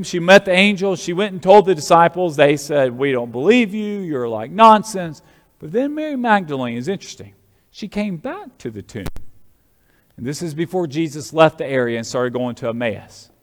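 Lively high-voiced preacher guy, big swings in pitch, echoing hall. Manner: animated preaching, voice rising and falling. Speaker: pastor. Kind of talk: sermon.

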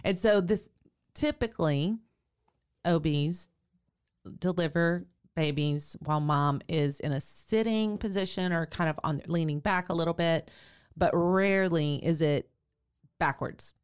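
A woman hosting a podcast as a birth doula, chatting in a lively, laughing way as she recalls a client's births. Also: fairly low pitch, a little slow, smooth. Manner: animated, laughing storyteller. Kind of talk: casual podcast chat.

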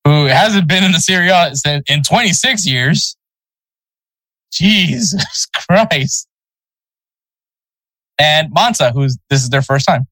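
A man's voice: on the high side, a bit bright, no room sound, rough recording. A man co-hosting a casual sports podcast, loose and chatty, laughing at his own pronunciation slips. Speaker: podcast co-host.

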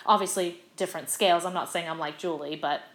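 A middle-aged actress telling stories in a casual interview, animated and full of fillers. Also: female voice, lowish voice, fast talker, roomy sound. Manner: bubbly, animated storytelling with many fillers. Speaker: guest, stage actress.

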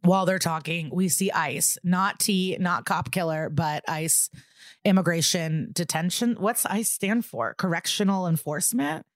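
A young adult woman with a lowish voice recaps a TV episode for her podcast, swearing freely and getting sarcastic about it. The sound is dry and close to the mic, with no room around it. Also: a little slow, no echo. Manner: profane, sarcastic retelling with acted quotes. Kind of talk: casual chat.

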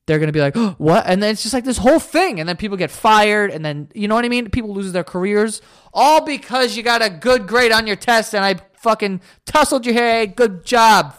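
A man's voice: high voice, a bit bright, smooth. A young man hosting a solo podcast, ranting in an exasperated, profane way. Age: young adult. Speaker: podcast host.

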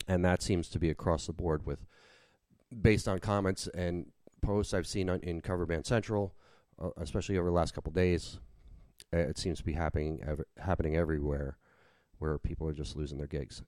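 A man with a deep voice talks in a loose, rambling way, circling back and restarting his sentences. His tone is dark and mellow, and the recording is dry and close, with no room sound. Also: steady tone, fairly quick, no room sound. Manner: rambling, with many restarts and fillers. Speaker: podcast host and working cover-band musician. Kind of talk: casual conversation.

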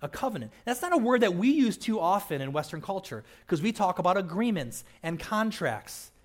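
A man's voice: high voice, very animated, brisk. A man pastor giving a conversational sermon, with casual asides and frequent "right?" checks to the listeners.

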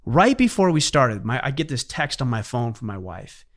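A man's voice: mid-range voice, very animated, moderate pace. A middle-aged man hosting a podcast, telling personal stories in an earnest, heartfelt way in casual conversation. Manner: earnest storytelling, emotional at times. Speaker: podcast host.

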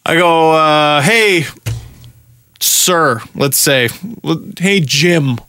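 A young man tells a story on a podcast in a bright, forceful voice that sits a little high. He is animated and profane, and he acts out his own rants. The sound is dry and close, with no room around it. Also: very slow, clean tone, dry recording. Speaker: podcast host. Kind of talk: casual storytelling chat.

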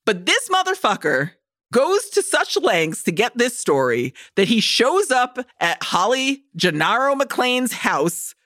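A woman's voice: on the high side, slow pace, dry recording, studio quality. A woman co-hosting a casual movie-review podcast, ranting with lots of swearing. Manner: animated, profane ranting with acted-out quotes. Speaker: podcast co-host.

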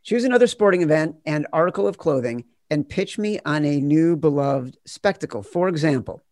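A man hosting a podcast quiz game, blunt and quick to swear. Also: on the high side, animated, darkish tone, dry recording, clean studio sound. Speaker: game show host.

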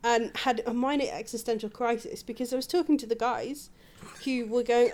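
Brief: woman co-host, giggly anecdote-teller, voice a touch high. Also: fairly even intonation, fairly quick, a little mellow. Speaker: podcast co-host. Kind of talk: casual chat.

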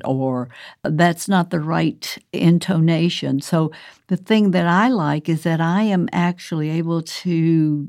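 A woman's voice: lowish voice, warm tone, no echo, clean studio sound. An older woman from the American South, an author speaking casually about her work, chatty and often laughing. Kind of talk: casual recorded monologue.

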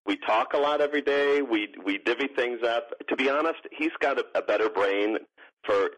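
A man's voice: medium pitch, normal speed, fairly bright tone, poor audio. A man, co-founder of a sports organization, chatting casually as a radio interview guest, rambling with many restarts and fillers. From grew up partly in Morocco.

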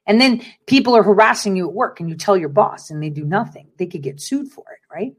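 A woman's voice: medium pitch, lively intonation, brisk, breathy edge. A woman hosting an online commentary show, speaking in an emphatic, preachy way and repeating phrases for effect. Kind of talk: casual political commentary.

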